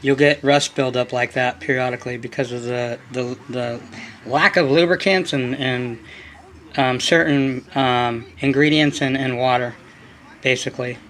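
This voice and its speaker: A man's voice: mid-range voice, steady tone, measured pace, a bit bright, a little hiss or hum. Rambling man explaining engine work. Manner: rambling, loose, many fillers. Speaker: hobby channel host. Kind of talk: casual workshop explanation.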